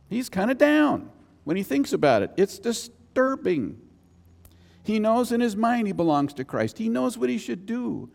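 A man preaching a sermon as pastor, emphatic and animated, with sudden high exclamations. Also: moderate pace, vocal fry, in a large hall.

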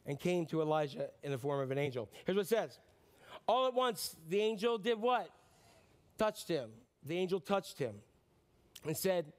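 A man preaching a sermon as pastor, animated and joking, with quick asides to the congregation. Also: sits high.

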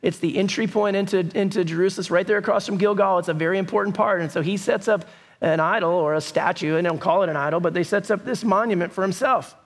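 A man preaching a sermon, telling the story in a lively, conversational way with bursts of raised voice. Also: sits high, fast. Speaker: pastor.

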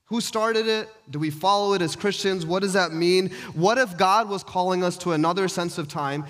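A man's voice: high-pitched, normal speed, fairly bright tone. A pastor delivering a conversational sermon to his church, posing rhetorical questions as he teaches.

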